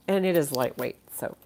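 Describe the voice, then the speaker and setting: A low-pitched woman sells items in a casual live-stream auction. She chats freely, thinks aloud, and laughs often, sounding a little tired. Faint noise sits behind her voice. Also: lively intonation, measured pace, darkish tone. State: tired, yawning.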